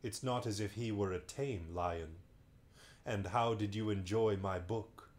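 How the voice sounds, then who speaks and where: A man's voice: lowish voice, measured pace, a little mellow, natural voice. A man reading a bedtime story aloud, voicing a kindly, sleepy old male magician who is genial and chatty.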